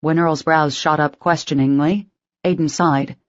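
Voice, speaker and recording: A woman narrating an audiobook in an even storytelling manner. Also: low voice, a little slow, no echo, lo-fi sound.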